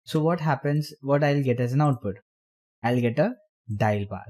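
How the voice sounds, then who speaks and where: A man explaining programming step by step while typing, in halting phrases. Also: mid-range voice, darkish tone. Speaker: programming tutor. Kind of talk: screen-recorded coding tutorial.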